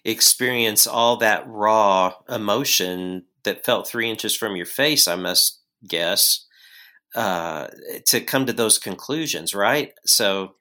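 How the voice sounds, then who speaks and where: Host: slow-spoken, bright timbre, halting delivery. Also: medium pitch. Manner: halting, searching for words. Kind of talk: interview questions.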